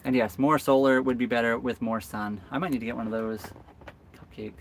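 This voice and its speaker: Guy doing a live chat from his sailboat, talks quick, answers comments, bit of background hiss. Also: mid-range voice, little pitch movement. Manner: chatty, reads and answers comments. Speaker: boat vlog host.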